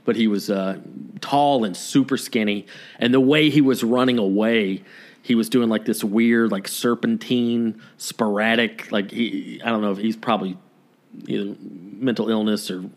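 A man's voice: fairly low pitch, steady tone, moderate pace. A man co-hosting a podcast, telling stories in casual chat with many fillers. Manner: rambling storyteller, many fillers. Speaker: podcast co-host.

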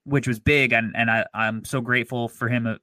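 A man co-hosting a sports podcast in an upbeat, easygoing way, pausing on "um" and "you know". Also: mid-range voice, steady tone, sharp tone, no echo. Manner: upbeat, easygoing, measured with fillers. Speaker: podcast co-host. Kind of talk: casual sports podcast chat.

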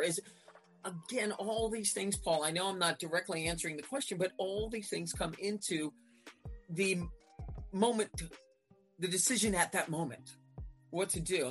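A woman in her fifties, a veteran basketball referee, chatting in an interview and acting out her exchanges with coaches in lively retellings. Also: lowish voice, breathy edge. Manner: animated storyteller acting out court exchanges. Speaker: basketball referee, podcast guest. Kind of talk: casual interview chat.

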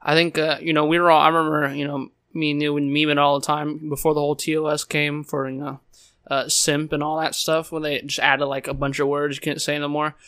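A man's voice: fairly high pitch, flat delivery, a little fast, a bit bright, clear, resonant tone, no room sound, studio quality. A man co-hosting a stream, chatting in a laid-back, agreeable way. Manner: laid-back, agreeable, lots of "dude" and "you know". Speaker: streamer co-host. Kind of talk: casual chat.

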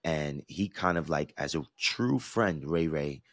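A podcast host in his thirties from the New York–New Jersey area of the US East Coast tells a personal story, earnest and reflective, restarting often. His bass voice has lively intonation and an unhurried pace, captured in a dry, clean studio recording.

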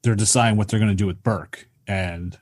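A man's voice: lowish voice, steady tone, a little fast, a little mellow. A man co-hosting a casual movie chat, agreeing often and adding bits of trivia. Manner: agreeable, adds trivia and short affirmations. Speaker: podcast co-host.

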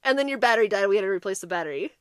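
A woman's voice: mid-range voice, very fast, clean tone, no room sound, clean studio sound. A woman co-hosting a casual chat, telling a story with a lot of swearing and acted-out quotes. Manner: animated, swearing, acts out quotes. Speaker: podcast co-host.

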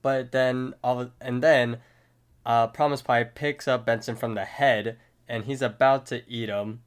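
A man with a smooth, resonant voice co-hosting a podcast and recapping a cartoon episode. He walks through each scene in order with steady, detailed narration. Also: mid-range voice, unhurried. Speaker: podcast co-host.

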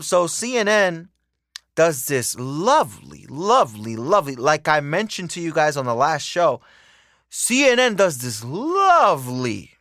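A man's voice: fairly high pitch, pushed and bright, no echo, clean studio sound. A young man hosting a podcast, ranting casually and heatedly with lots of profanity and repetition. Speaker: podcast host. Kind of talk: casual political rant.

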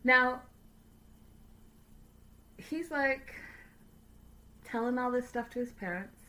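A woman hosting a casual livestream recap, chatty, animated and sassy. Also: fairly high pitch, slow pace. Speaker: host.

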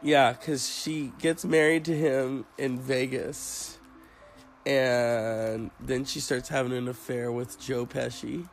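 A man hosting a casual chat, rambling and crude in a deadpan way. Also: medium pitch, takes it slowly, gravelly, faint music behind, low-quality recording.

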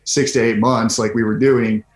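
A man's voice: mid-range voice, steady tone, normal speed. A man from Southern California talking easygoingly as a guest on a video call, with many "like"s and "you know"s. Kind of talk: casual chat over a video call. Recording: roomy video call audio.

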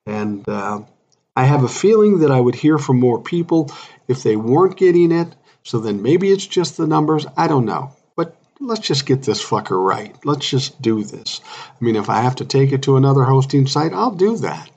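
A man in his sixties hosts his own podcast and talks in a blunt, irritated way, with swearing all through it. His voice is somewhat husky, and the recording sounds a bit dull and lo-fi. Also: medium pitch, animated, normal speed, a little mellow. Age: 60s. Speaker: podcast host. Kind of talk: solo podcast rant.

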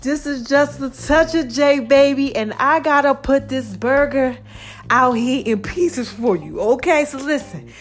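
A woman with a high voice hosts a casual solo show, talking straight to her listeners. She is playful and stretches her words into a sing-song drawl. She sounds a little out of breath, with soft music under her. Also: unhurried. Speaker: show host.

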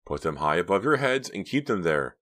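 A man's voice: low-pitched, sing-song, fairly quick, a bit bright, pitched above the performer's own voice. A man voicing a big, menacing security guard who bellows orders. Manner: bellowing, threatening.

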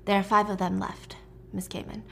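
A woman's voice: little pitch movement, moderate pace, creaky, sharp tone, a little hiss or hum. Woman doing a stern male guard, half-whispered. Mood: muttering. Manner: low, muttered, half-whispered.

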